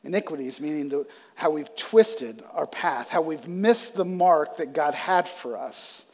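Male pastor, high voice, emphatic sermon, long church reverb. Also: a little slow. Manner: emphatic, swells loud on scripture readings; casual asides with fillers. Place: church sanctuary.

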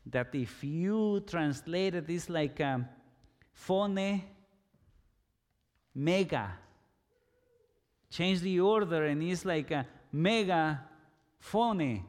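Male preacher, fairly high voice, deliberate slow delivery, big hall reverb. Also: expressive. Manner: slow and emphatic, with bursts of loud shouting. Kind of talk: sermon.

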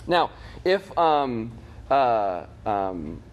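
A man's voice: medium pitch, big pitch swings, drawn-out words. A man teaching a catechism class, talking casually to his students with many fillers, restarts and "right?" check-ins. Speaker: Bible teacher.

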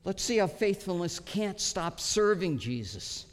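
A pastor giving an expository sermon, earnest and emphatic, pausing often as he teaches. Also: high-pitched, very animated. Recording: long hall reverb.

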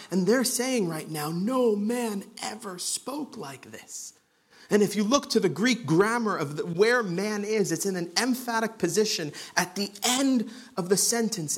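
A male pastor teaches through a Bible passage with an earnest, conversational delivery. His voice sits a little higher than most men's and falls quiet for emphasis. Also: husky. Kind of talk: expository sermon.

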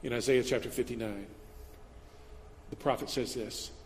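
A man's voice: mid-range voice, steady tone, normal speed, darkish tone, long reverb tail, slight background noise. A man preaching a sermon as a pastor, in a casual, conversational way, acting out little quoted voices as he goes.

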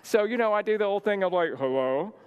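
Male minister with a high voice, a casual storyteller in a church hall with long reverb. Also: fast, smooth, dull audio. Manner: lively storyteller, many "like" fillers. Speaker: church minister teaching a marriage session. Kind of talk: storytelling sermon.

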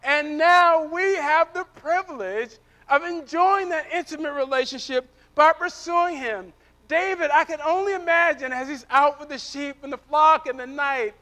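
A man preaching a sermon as pastor, shifting from loud emphatic declarations to hushed, soft passages, often repeating words as he presses a point. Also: very high voice, normal speed.

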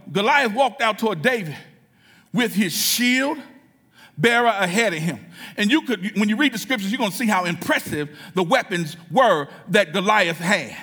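A man preaching a sermon in a church, building from storytelling to shouted, fervent preaching. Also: sits high, husky.

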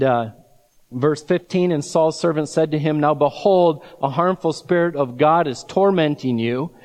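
A man preaching a sermon, slow and emphatic, drawing out key words and breaking into scripture readings with his own asides. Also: fairly high pitch, a little mellow, big-room sound. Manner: reads scripture aloud with asides. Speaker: pastor.

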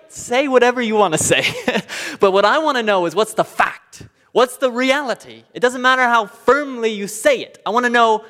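A man's voice: high-pitched, bright, forceful tone. A man preaching a sermon as pastor, earnest and emphatic, driving points home with repeated phrases. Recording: long hall reverb.

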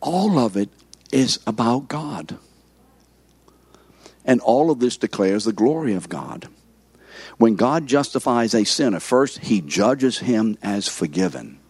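A man's voice: mid-range voice, animated, slow, pauses often, darkish tone, slightly rough, no echo. A man in his seventies, a pastor giving an interactive sermon who keeps asking the congregation questions.

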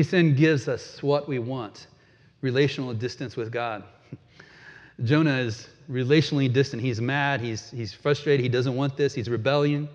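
A man preaching a sermon in a relaxed, conversational way, chuckling now and then and repeating words as he goes. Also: medium pitch, in a large hall, dull audio. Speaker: pastor.

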